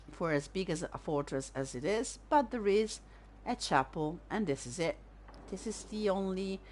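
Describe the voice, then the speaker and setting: A woman's voice: fairly low pitch, a little hiss or hum. A woman streaming a video game, chatting casually and thinking aloud as she plays. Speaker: let's-play streamer. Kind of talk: casual gameplay commentary.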